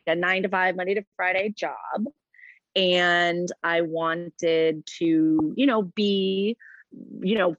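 A woman's voice: lowish voice, no echo. A woman speaks in a casual interview, earnest and chatty, her speech full of fillers. The sound is dry and close. It is also a little dull and muffled. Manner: chatty, earnest, many fillers like "like" and "you know". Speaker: interview guest, postpartum doula business founder.

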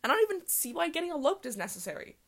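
A young woman hosting a casual solo podcast, talking fast and rambling with lots of "like" and laughs. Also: sits high, very animated, gravelly. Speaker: podcast host.

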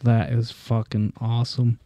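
A man's voice: medium pitch, a little slow, no echo. A man co-hosting a casual podcast, swearing freely and reading facts aloud in a plain reading tone. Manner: profane, reads facts aloud in a flat reading tone. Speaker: podcast co-host. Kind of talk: casual chat.

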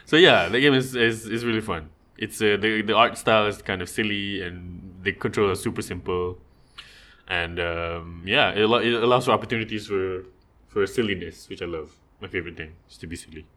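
A man's voice: fairly low pitch, a little fast. A man telling funny stories in casual chat, laughing often and acting out what others said. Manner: laughs often, animated retelling with quoted voices.

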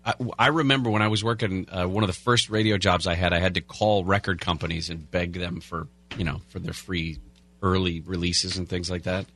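Male radio host, lowish bright voice, casual rambling delivery on air. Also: fairly even intonation, fairly quick, dry recording. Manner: casual, rambling asides between headlines. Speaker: radio talk show host. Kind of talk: talk radio chat and news rundown. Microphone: studio broadcast mic.

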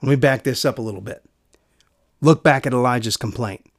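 A man preaching a sermon in an earnest way, repeating key phrases and going soft for quiet lines. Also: medium pitch, brisk, no echo, clean studio sound.

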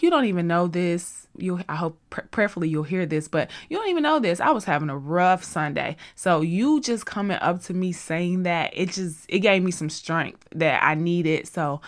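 A woman hosting a faith-based podcast, talking at a studio mic in a chatty, rambling, effusive way. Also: lowish voice. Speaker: podcast host.

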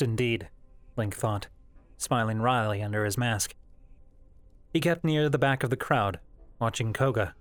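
A man narrating a fan novel as an audiobook in a steady, measured storytelling voice. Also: mid-range voice, no echo. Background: faint background music.

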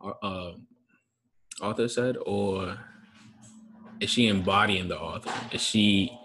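A man's voice: low-pitched, takes it slowly, a bit bright, a little hiss or hum. A man as a podcast guest, asking questions in a casual, hesitant way with many fillers. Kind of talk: casual chat.

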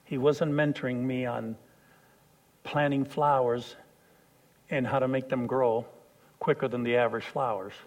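A man preaching a sermon, telling a personal story and swinging from hushed lines to loud shouts. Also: medium pitch, fairly even intonation, measured pace, pauses often.

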